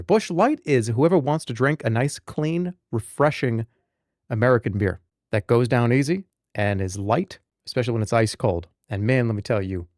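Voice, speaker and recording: A man's voice: medium pitch, dry recording, studio quality. Rambling joking streamer man. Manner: rambling, joking banter with chat, swings into loud animated rants. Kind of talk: casual live-stream chat.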